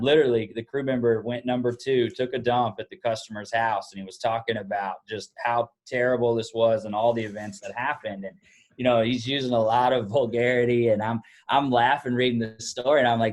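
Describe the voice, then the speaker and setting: A middle-aged man, a roofing business owner, telling a long story in a casual, animated way with many restarts. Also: lowish voice. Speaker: podcast guest, roofing company owner.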